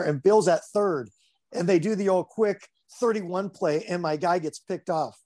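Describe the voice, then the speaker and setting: A man's voice: high-pitched, moderate pace. A man who coaches baseball, talking casually and rambling through stories with lots of fillers. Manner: rambling, relaxed storyteller with many fillers. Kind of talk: casual conversation.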